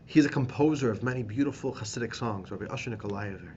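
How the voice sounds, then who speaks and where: A man, a rabbi teaching a class, telling a story with animated emphasis and repeated phrases. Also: medium pitch, quick pace, highs cut off, slight background noise. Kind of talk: storytelling lesson.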